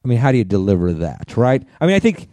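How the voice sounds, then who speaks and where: A man's voice: mid-range voice, very animated, quick pace, mellow, dry recording. A man co-hosting a podcast, chatting casually about movies in a loose, rambling way and laughing easily. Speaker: podcast co-host. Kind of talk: casual chat.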